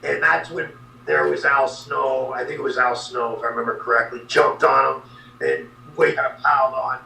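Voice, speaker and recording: Male guest storyteller, very gravelly and pitched a bit high, heard from across a roomy space. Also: moderate pace, recorded from a distance. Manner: animated anecdote teller with sound effects. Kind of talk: storytelling in a podcast interview.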